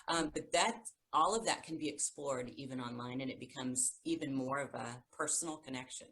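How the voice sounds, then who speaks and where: A woman's voice: very deep voice, a little fast, few pauses, a bit bright, low-quality recording. A woman co-hosting a music education podcast, talking enthusiastically about teaching and demonstrating sounds. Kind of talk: casual chat.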